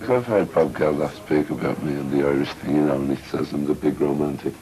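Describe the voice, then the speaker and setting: A man's voice: extremely low pitch, fairly even intonation, fairly quick, crowd noise. A man speaking casually and dismissively in an interview.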